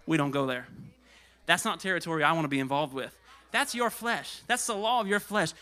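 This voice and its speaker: A pastor preaching a sermon in an animated way, swinging between loud passages and hushed asides, and getting out of breath. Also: male voice, on the high side, brisk.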